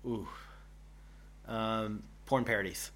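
A man's voice: on the low side, fairly even intonation, slow, a bit bright. A man co-hosting a casual chat, playful and laughing often. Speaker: podcast co-host.

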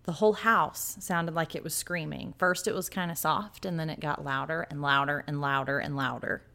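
A woman co-host with a fairly low voice tells a story in a relaxed podcast chat. She leans into it dramatically and acts out what people said. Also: moderate pace, vocal fry. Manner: dramatic storyteller acting out quotes.

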